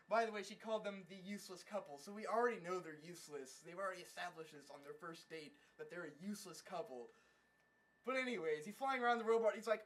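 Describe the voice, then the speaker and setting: Very high-voiced man, rambling and profane. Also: quick pace. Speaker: anime reviewer. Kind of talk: casual comedic episode recap.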